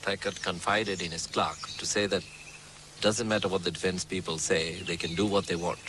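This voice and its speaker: A man's voice: low-pitched, steady tone, moderate pace, noisy background. A man giving interview testimony in a hesitant way, full of fillers.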